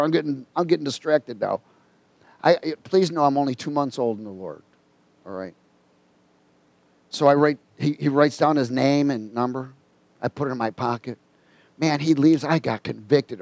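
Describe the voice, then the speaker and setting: A man preaching a sermon, telling a personal story in a folksy, colloquial way and reading scripture slowly and emphatically. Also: fairly high pitch, no room sound.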